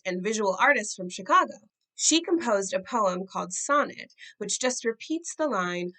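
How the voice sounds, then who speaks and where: A woman hosts an educational program about poetry. Her delivery is clear and measured, and she slows down when she reads verse aloud. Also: medium pitch, a bit bright, low-quality recording. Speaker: educational show host. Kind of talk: scripted narration and poetry reading.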